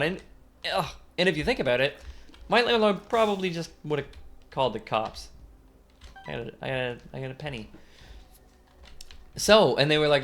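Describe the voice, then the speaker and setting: A man's voice: a little high, lively intonation, normal speed, fairly bright tone, a little hiss or hum. A young man telling a rambling story as he plays a game, switching between acted-out quotes and sudden outbursts at what is on screen. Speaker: gaming commentator. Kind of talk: casual let's-play storytelling.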